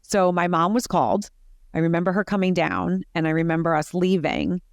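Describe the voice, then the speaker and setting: Brief: middle-aged woman guest, animated storyteller, filler-heavy, dry close sound. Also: lowish voice, a little fast, no room sound. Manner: animated, lots of "like" fillers and restarts. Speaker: podcast guest. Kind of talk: personal storytelling in conversation.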